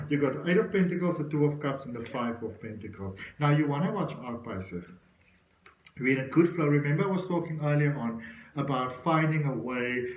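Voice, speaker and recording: A man's voice: medium pitch, roomy sound, rough recording. A man giving an encouraging tarot reading, talking straight to the viewer. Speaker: tarot reader.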